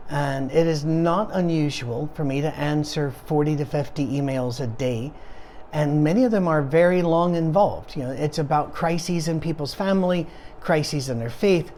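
Man, pastor, tired, casual Bible study talk, mellow tone, faint background hiss. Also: a little high. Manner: rambling, digressive, with many fillers and restarts. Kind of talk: conversational Bible study teaching.

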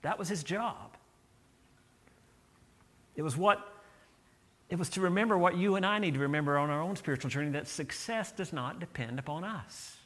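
Male pastor, middle-aged, bright and slightly high voice, animated storytelling sermon. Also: moderate pace, long pauses. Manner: animated storytelling with acted-out quotes.

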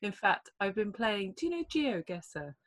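A woman hosting a podcast in a relaxed chat, reassuring her guest. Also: medium pitch, moderate pace. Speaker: podcast host. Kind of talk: casual chat.

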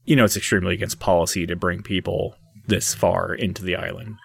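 Weary male gatekeeper of the dead, low and stern, a man doing it. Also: fairly even intonation, fairly quick, creaky, slightly rough, no echo, clean studio sound, heavily acted. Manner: tired, patient and clipped. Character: weary male gatekeeper of departing souls, stern but polite.

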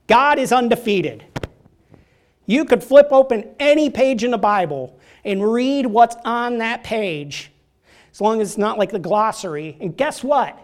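In a church, a man delivers a laid-back sermon in an extremely high, animated voice, taking his time. He jokes and chats with the congregation, frequently tossing them a "right?"

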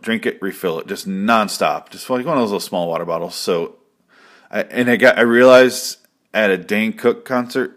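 Male host, lower register, loose profane recap chatter. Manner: rambling, profane and jokey. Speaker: podcast host. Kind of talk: casual recap chat.

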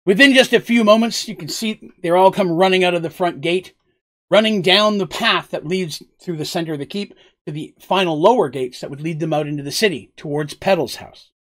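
A man's voice: sits high, a little fast, fairly bright tone. A man narrating a tabletop role-playing game as game master, in a loose, rambling way with frequent asides.

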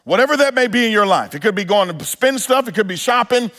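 Male pastor, sermon delivery, a touch high-pitched, earnest and emphatic. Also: animated, fast talker, bright, forceful tone. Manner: earnest preaching with rising emphasis and frequent restarts.

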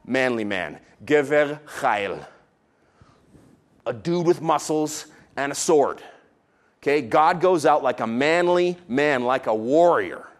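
A man preaching a sermon, animated and playful, swinging between loud exclamations and quiet asides. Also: fairly high pitch, unhurried. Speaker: pastor.

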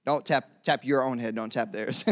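A young man preaching a lively sermon, calling out to the congregation and asking them to repeat after him. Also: medium pitch, normal speed. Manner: energetic call-and-response preaching.

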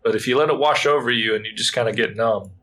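A man's voice: medium pitch, fast talker, a bit bright. A man in his thirties chatting casually on a podcast, rambling, filling his talk with "like" and "um" and laughing often. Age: 30s. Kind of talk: casual chat.

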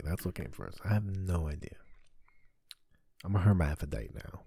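A man's voice: deep voice, fairly even intonation, a little fast, mellow, husky, no room sound, clean studio sound. A man hosting his own podcast alone, rambling and swearing through self-deprecating comedic confessions. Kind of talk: solo comedic confessional talk.

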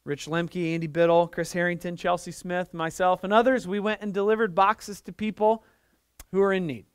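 A man's voice: sits high, level tone, moderate pace, clean tone, dry recording, clean studio sound. A middle-aged man preaching a sermon as pastor, telling a story and building to fervent emphasis. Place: church.

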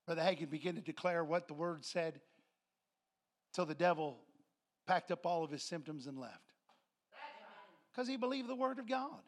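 A man's voice: on the high side, animated, normal speed, long pauses. A man preaching a sermon to his congregation, telling a story and acting out voices and laughter. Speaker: pastor. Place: church sanctuary with congregation.

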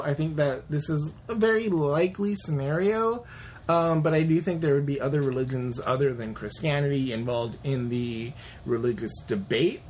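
A woman's voice: low-pitched, slight background noise. A woman co-hosting a casual chat, rambling and offhand, with dry jokes and plenty of swearing. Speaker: podcast co-host.

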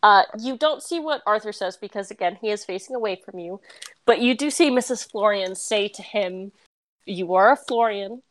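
A woman narrating as game master of a tabletop game, relaxed and chatty with plenty of fillers. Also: mid-range voice, normal speed, dry recording.

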